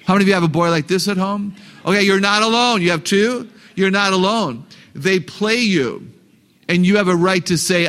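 Male seminar speaker, upbeat and humorous, quizzes the crowd, higher-pitched voice. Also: moderate pace, clear, resonant tone. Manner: animated, joking, asks the audience questions. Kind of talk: live talk to an audience of parents.

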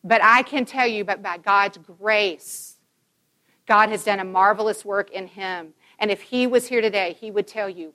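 A woman's voice: mid-range voice, unhurried, bright, forceful tone. A woman in her fifties giving a Christian conference talk to mothers, telling personal stories emphatically and acting out the dialogue.

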